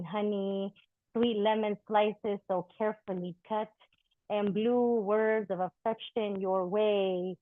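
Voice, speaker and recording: Woman, spoken-word poet, expressive and blunt, casual stage banter, tinny phone-like sound. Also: mid-range voice, dry recording. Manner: candid and expressive, swears freely. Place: live poetry event. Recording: thin phone-like dry recording.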